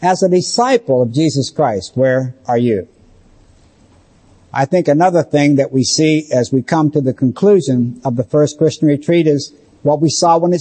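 A man preaching a sermon, emphatic and slowing down to stress key phrases. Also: fairly high pitch, mellow, breathy edge.

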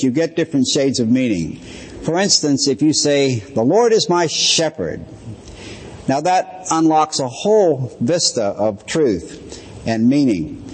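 A man delivers a sermon-style Bible lesson at a mid pitch, his voice a little husky. He explains in a measured way and slows down to stress key phrases. The sound rings with the long reverb of a large hall. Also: darkish tone. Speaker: Bible teacher.

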